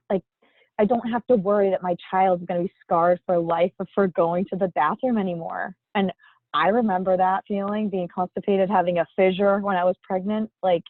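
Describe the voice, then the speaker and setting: A woman's voice: lowish voice, no echo. A woman in her thirties sharing a personal story in casual chat, chatty and emotional, filling her talk with "like". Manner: chatty, emotional, says "like" a lot. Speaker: testimonial guest. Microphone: video call. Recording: dry, phone-like line.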